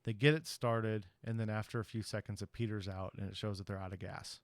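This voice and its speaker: A podcast host with a lowish voice casually rambles through a horror movie's plot, acting out the characters' lines. His delivery is flat and brisk, full of loose, profane slang, and the recording is dry.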